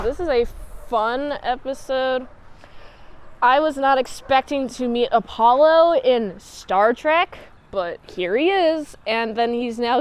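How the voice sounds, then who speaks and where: A woman's voice: sits high, darkish tone, smooth. A woman reviewer giving a casual, rambling, playful episode recap. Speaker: show reviewer.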